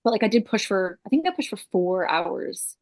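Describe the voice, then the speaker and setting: A woman in her thirties, a podcast guest, telling a personal story in a casual, animated way, full of fillers and the odd swear word. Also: mid-range voice, moderate pace. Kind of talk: casual chat.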